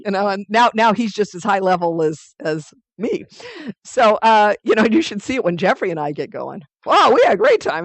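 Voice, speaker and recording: A woman leading a weekly spiritual study group, teaching in a lively, conversational way with playful asides. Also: medium pitch, a little fast, no room sound.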